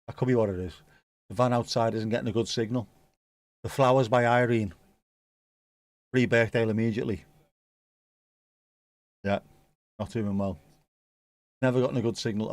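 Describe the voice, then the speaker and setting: A man's voice: lowish voice, steady tone, moderate pace, pauses often, darkish tone, no room sound. A man casually commenting on a football match for a live watchalong, joking and reading out viewer comments. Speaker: watchalong host.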